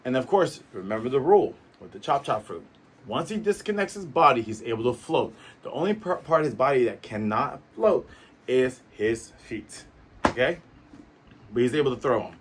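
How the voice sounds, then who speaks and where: A man recapping a comic chapter in a casual, animated way, full of sound effects. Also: mid-range voice, normal speed, slight background noise. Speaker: manga reviewer.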